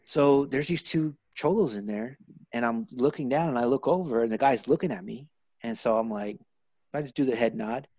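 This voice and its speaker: Profane, animated man telling stories. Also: mid-range voice, moderate pace, no room sound. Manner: profane, animated, acts out quotes. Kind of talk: casual storytelling chat.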